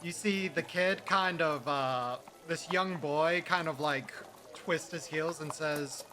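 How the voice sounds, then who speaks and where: A man narrating a tabletop game as game master, chatty and quick to laugh, with many fillers. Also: fairly high pitch, bright, forceful tone, a little hiss or hum.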